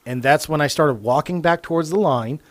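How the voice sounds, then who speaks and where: This man talks a little higher than most men and jumps into voices for everyone in his anecdotes. He swears freely and keeps the story rolling in a casual chat. The sound is dry and close, with no room echo. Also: a little fast. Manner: animated, profane, acts out quoted lines. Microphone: studio microphone.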